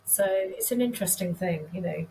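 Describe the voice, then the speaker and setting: A woman in her fifties from the United Kingdom speaks in a fairly low voice. She tells stories casually and candidly, often poking fun at herself. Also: a little fast, mellow, slight background noise, low-quality recording. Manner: candid, self-deprecating, laughs easily. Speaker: nurse practitioner guest. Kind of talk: casual conversational storytelling.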